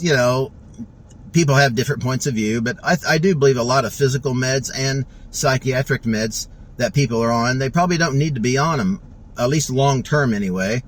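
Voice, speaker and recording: A man giving an emotional personal testimonial, rambling and halting with many restarts and fillers, choked up and close to tears, recorded in a vehicle. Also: medium pitch, rough recording.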